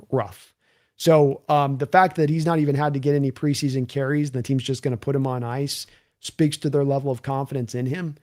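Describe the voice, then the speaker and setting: A man with a mid-range, somewhat dark voice hosts a live stream. He chats casually, rambling through game commentary as he reads out viewer donations.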